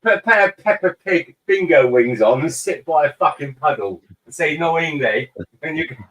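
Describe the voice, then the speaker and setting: A man with a somewhat high, husky voice in loose livestream chat. He cracks jokes, swears and keeps asking the others questions. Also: lively intonation, normal speed, a bit bright, low-quality recording. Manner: joking, swears, asks many questions. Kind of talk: casual chat.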